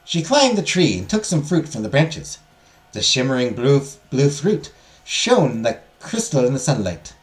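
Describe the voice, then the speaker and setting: A man's voice: mid-range voice, big pitch swings, unhurried. A man voicing a theatrical female magical history teacher, telling a legend with a swooping, dramatic lilt. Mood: storytelling. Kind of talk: reading visual novel lines aloud.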